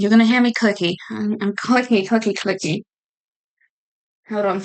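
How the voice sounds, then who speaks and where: A British woman from the United Kingdom hosts a casual livestream, chatty and rambling, with a giggle and lots of fillers. Her fairly high voice is expressive and moves at a moderate pace, with a British English accent.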